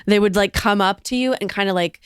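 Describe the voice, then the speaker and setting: A woman co-hosting a podcast in relaxed casual chat. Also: medium pitch, brisk, smooth, dry recording, studio quality. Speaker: podcast co-host.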